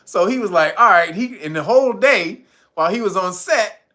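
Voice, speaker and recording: A man's voice: high voice, animated, moderate pace, pushed and bright. Laughing man retelling comedy bits. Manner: laughs often, retells jokes with put-on voices. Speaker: streamer host. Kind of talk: casual storytelling.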